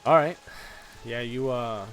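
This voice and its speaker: A man narrating as game master of a tabletop role-playing game in a relaxed, conversational way. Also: mid-range voice, slow pace, faint music behind.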